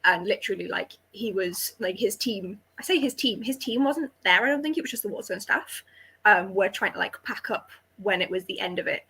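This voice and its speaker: A woman's voice: medium pitch, animated, a little fast, creaky, bright, forceful tone, husky. A young woman co-hosting a casual chat, telling stories in a rambling way full of fillers. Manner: rambling storyteller, lots of "like". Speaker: podcast co-host.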